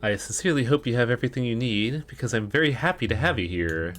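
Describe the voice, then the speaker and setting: A man reading the lines of a gentle, enigmatic young woman with a soft, coaxing delivery. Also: mid-range voice, animated, fast, lightly acted.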